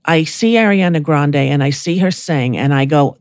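A woman's voice: deep voice, moderate pace, darkish tone, no echo, clean studio sound. A woman in her sixties hosting a podcast, chatting casually and affectionately with her guest. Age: 60s. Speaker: podcast host. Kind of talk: casual conversation.

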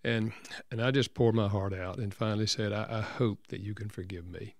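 An older man, a counselor and author, telling a personal story as an interview guest in an earnest, gentle way. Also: fairly low pitch, steady tone, fairly quick, dry recording.

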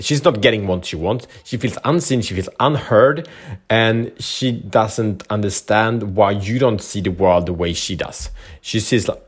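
A man talking casually to camera as a relationship coach, candid and loose, swearing and laughing now and then. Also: on the low side. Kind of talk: casual advice talk to camera.

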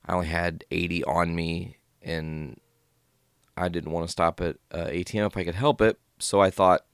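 A stoned man rambles through a casual story, laid-back and swearing freely. His voice sits very low and has a gravelly fry. The sound is dry and close. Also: fairly even intonation, moderate pace, no echo. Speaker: podcast host.

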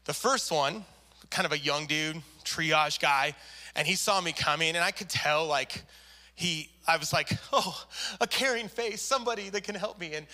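A man's voice: on the high side, bright, forceful tone. A man preaching a sermon, telling a story animatedly and acting out the people in it. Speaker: pastor.

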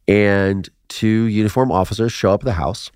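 Lower-voiced man telling his story. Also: clean tone, dry recording, studio quality. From Ohio, USA. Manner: animated storyteller, acts out quotes, laughs between lines. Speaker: guest. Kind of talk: telling his life story in a podcast interview.

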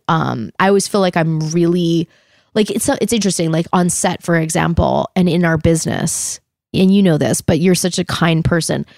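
A woman's voice: fairly low pitch, darkish tone, no echo, studio quality. A middle-aged woman from Canada, an actress chatting casually as an interview guest, swearing lightly, laughing often and acting out what people said.

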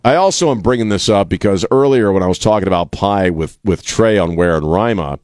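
A man's voice: sits low, animated, brisk, darkish tone, no echo, clean studio sound. A man hosting a talk radio show, rambling casually with many restarts and an irreverent streak. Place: radio studio. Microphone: studio mic.

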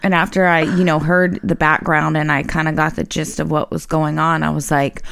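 Woman co-host, low gravelly voice, blunt and slangy, dry studio sound. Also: flat delivery, moderate pace, a bit bright, dry recording. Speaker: podcast co-host. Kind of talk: casual chat.

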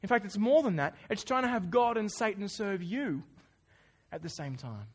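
A man with an Australian accent preaching a sermon, telling stories in a lively, conversational way. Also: high voice, moderate pace, slightly rough. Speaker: pastor. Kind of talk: sermon with storytelling.

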